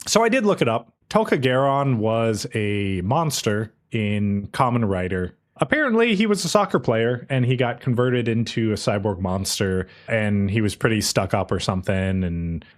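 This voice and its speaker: Man with a lively, swinging delivery. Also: lowish voice. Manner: animated storytelling, swaps between narration and quick quoted lines; casual and profane. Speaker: podcast host. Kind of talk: casual episode recap.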